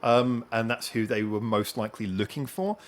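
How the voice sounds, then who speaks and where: A man's voice: on the low side, normal speed. A man hosting a podcast, telling a long personal story in casual chat and acting out what other people said. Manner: animated, acts out others' lines. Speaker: podcast host.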